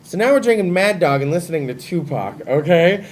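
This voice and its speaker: A young man hosting a talk show, telling a long crude story with lots of swearing and animated asides. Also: on the high side, a little fast, a crowd in the background. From California. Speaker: host.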